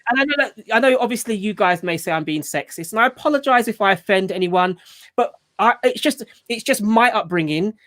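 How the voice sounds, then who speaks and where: A man talks in a loose, rambling way during a casual group video chat. His voice sits fairly high and swings widely in pitch, and he keeps starting his sentences over. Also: animated, fairly quick, fairly bright tone. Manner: chatty, rambling, with frequent restarts and "you know". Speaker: channel host and father.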